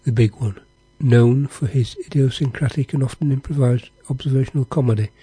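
A man presenting on radio, reading a formal introduction in a steady way. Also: medium pitch, brisk, slightly rough, dry recording. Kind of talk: scripted introduction read aloud.

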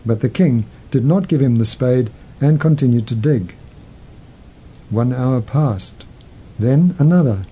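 A man hosting a show, narrating a story in a measured, gentle way. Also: mid-range voice, animated, husky, rough recording. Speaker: host.

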